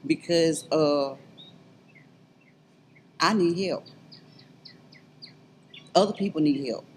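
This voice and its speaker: A middle-aged woman, telling her story as an interview guest in earnest, halting speech that builds to fervent urging. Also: low-pitched, a little mellow, a little hiss or hum, low-quality recording. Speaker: interview guest, abuse survivor. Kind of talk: emotional personal testimony.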